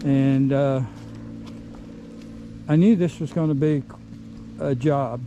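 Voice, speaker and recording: Middle-aged guy out of breath, slow rambly talk outdoors, faint outdoor noise behind. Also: medium pitch, steady tone, dark tone, low-quality recording. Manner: rambling, plain-spoken, pauses and restarts. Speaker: vlogger. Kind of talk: casual outdoor work vlog. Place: outdoors in woods.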